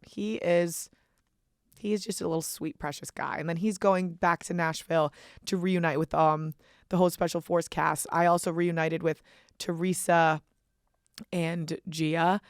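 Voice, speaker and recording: A young woman hosting a podcast, telling animated, profane stories in casual chat. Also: on the low side, a little slow, gravelly, no room sound, studio quality. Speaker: podcast host.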